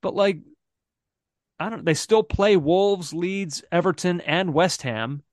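A man talks football on a podcast, his voice sitting a little high for a man. He thinks aloud, circling back with fillers and restarts. The sound is dry and close, with no room around it. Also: takes it slowly, a little mellow, no room sound. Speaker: podcast co-host. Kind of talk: casual football podcast chat.

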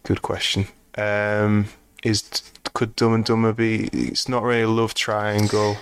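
Low, flat-voiced man, podcast co-host. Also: measured pace, slight background noise. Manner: meandering, restarts sentences, dry humor. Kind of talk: casual film discussion.

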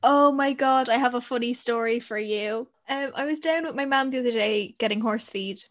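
A young woman with an Irish accent and a bright, high-pitched voice chats easily in a casual podcast conversation. She tells stories with animation and laughs readily. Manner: animated storyteller, quick to laugh. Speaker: podcast co-host. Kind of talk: casual chat.

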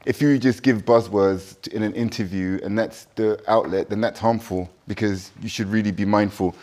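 A man's voice: on the low side, fairly even intonation, normal speed, darkish tone. A man, a dinner guest, talking through his view in a casual discussion, often restarting and repeating words as he builds his point.

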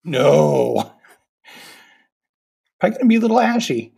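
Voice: medium pitch, sing-song, measured pace, creaky, dark tone, slightly rough. A podcast co-host chatting casually about a film, chiming in with quips and laughing. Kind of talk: casual movie chat.

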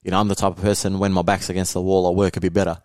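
A young Australian man chatting on a podcast in a low, easygoing voice. He is slangy and laid-back, and slips into little acted-out quotes of friends. The sound is close and dry. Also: flat delivery, rapid-fire, a little mellow, no echo. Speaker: podcast guest, content creator. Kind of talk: casual podcast chat.

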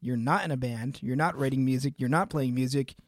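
A young man, a band member who co-hosts a casual podcast, speaks at medium pitch and a little fast. The studio-quality recording has no room sound, and he's easygoing and rambling, full of fillers like "you know."

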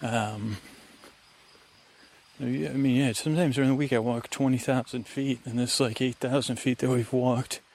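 A man's voice: mid-range voice, fairly even intonation, normal speed, darkish tone, slight background noise. A tired man hosting a podcast, musing in a meandering way while he walks outdoors in the woods. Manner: meandering, musing, full of fillers. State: tired and dehydrated. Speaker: podcast host. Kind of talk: rambling sleep-podcast monologue. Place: outdoors on a woodland walk.

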